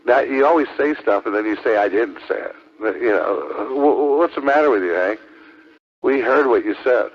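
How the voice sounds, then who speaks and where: A ham radio operator, a man with a medium-pitched voice, argues heatedly on air at a normal speed, his intonation lively as he taunts, swears, and repeats his accusations again and again. The lo-fi radio transmission gives the clip its rough sound.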